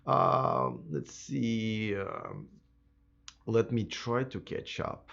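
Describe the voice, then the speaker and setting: A man hosting a live electric car stream, answering viewer comments in a casual, chatty way, slightly hoarse. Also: fairly low pitch, big pitch swings, drawn-out words, a bit bright, highs cut off. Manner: casual and chatty, many fillers and restarts. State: slightly hoarse, losing his voice.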